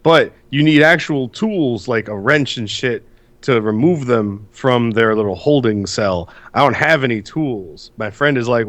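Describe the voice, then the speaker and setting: A man's voice: mid-range voice, unhurried. Ranting, foul-mouthed man. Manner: profane, ranting, animated storytelling. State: congested from sinus issues. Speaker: podcast co-host. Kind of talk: casual podcast chat.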